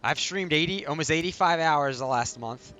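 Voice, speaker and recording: Bright-voiced streamer man, laid-back. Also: on the high side, moderate pace, faint music behind. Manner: laid-back, swearing, laughs often. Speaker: streamer host. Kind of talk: casual chat.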